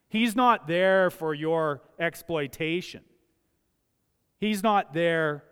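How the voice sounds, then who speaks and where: Older male preacher, smooth resonant voice, fairly high pitch, emphatic repetition, long church reverb. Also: a bit bright. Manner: emphatic, repeats key phrases for effect. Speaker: pastor. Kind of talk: sermon. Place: church sanctuary.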